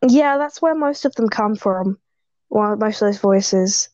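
A woman's voice: mid-range voice, unhurried, a little mellow, no room sound, highs cut off. A teenage girl chatting casually as co-host, rambling and laughing a lot. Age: teens. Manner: giggly, rambling, self-deprecating. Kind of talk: casual chat.

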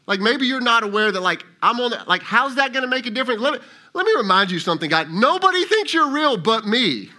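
A preacher putting on a whiny, exasperated prophet who pleads with God in a rush of complaints. The voice jumps well above the man's own and gets louder. It stays bright and strained. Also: sits high, voice pushed up, full character voice.

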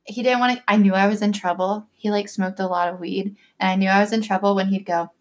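A woman's voice: medium pitch, fairly even intonation, fast, muffled recording. A young woman talks casually, stringing her story together with endless "like" fillers. She drops in little acted-out bits of what people said, keeping the tone loose and conversational. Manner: chatty storytelling, constant "like" fillers, acts out quotes. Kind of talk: casual chat.

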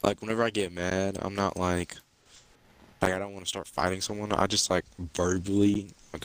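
A man's voice: low-pitched, flat delivery, fairly quick, clear, resonant tone, low-quality recording. A young man in casual podcast chat, blunt and rambling, swearing constantly and stacking up fillers. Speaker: podcast co-host.

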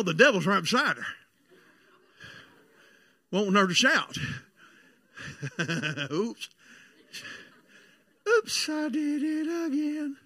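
A man preaching a sermon, telling stories and swinging from loud calls to the congregation to low, joking asides. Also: slightly rough, no echo.

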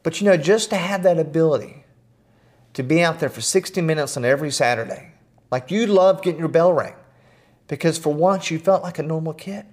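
A middle-aged man, a podcast guest, telling personal stories in an earnest, animated way with self-deprecating humor. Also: fairly high pitch, a little fast. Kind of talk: storytelling in conversation.

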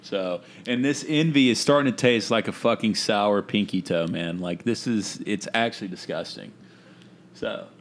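Young male podcast co-host, lowish voice, brash and playful, swears often. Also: moderate pace, slight background noise. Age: young adult. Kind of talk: casual chat.

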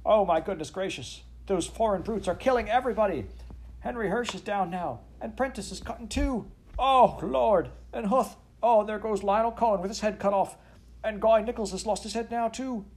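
A man doing a shrill panicking clerk. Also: normal speed, a little mellow. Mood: panicked. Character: panicked male stock exchange clerk.

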